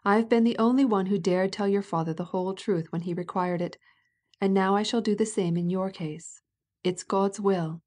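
Woman reading a gruff old-world matron, domineering, scolding, storybook reading. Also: mid-range voice, fairly even intonation, moderate pace, a little mellow, close to an everyday voice. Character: blunt, domineering fifty-year-old society matron.

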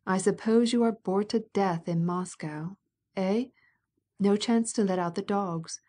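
A woman voicing a blunt, domineering fifty-year-old society matron in an audiobook, speaking gruffly and bossily. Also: mid-range voice, measured pace, warm tone, close to an everyday voice. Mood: scolding. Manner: gruff, scolding and bossy.

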